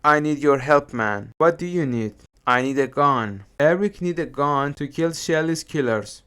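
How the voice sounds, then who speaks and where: Guy teaching english phrases slow and careful, clean voice. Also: on the high side, expressive, a bit bright, clean tone. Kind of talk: scripted lesson narration.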